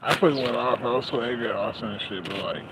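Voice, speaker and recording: A man's voice: medium pitch, fast talker, background noise. A man telling profane stories in a casual livestream monologue, laughing as he goes. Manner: profane, laughing, animated storytelling.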